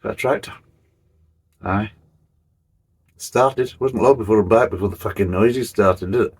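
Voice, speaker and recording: Gravelly low-voiced man, sweary. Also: a little slow, a little mellow. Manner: sweary, grumbling, jokey asides. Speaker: beer reviewer, host. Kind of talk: casual spoken beer review.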